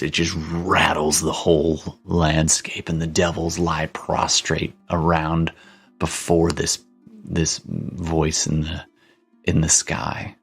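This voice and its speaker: Slow, low-voiced man running a game. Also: creaky, husky. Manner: halting, with many ums and restarts. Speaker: game master. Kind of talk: narrating a tabletop game.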